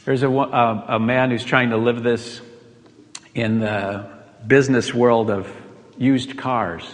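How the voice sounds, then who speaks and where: A man's voice: mid-range voice, steady tone, slow pace. A man pastor giving a sermon, telling stories with quoted voices and rhetorical questions. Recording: long reverb of a large hall.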